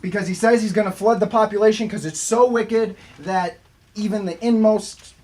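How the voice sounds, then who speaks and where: A man's voice: high voice, moderate pace, a little mellow. A man teaching a youth group a casual Bible lesson, chatting with asides and questions to the group.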